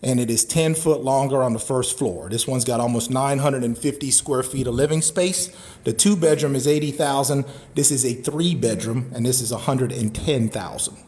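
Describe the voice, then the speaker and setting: A man hosting a live-streamed sales walkthrough of a wooden cabin, a hyped-up pitchman who repeats catchphrases and lets out loud whoops. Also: normal speed. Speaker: cabin salesman and livestream host. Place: indoors, walking through a wooden cabin.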